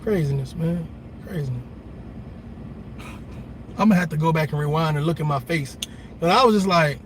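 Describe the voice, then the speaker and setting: A man hosting a casual live stream, talking straight to his viewers in an animated, blunt way with plenty of swearing. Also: high-pitched, normal speed, long pauses, noisy background. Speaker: livestream host. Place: parked car in a park.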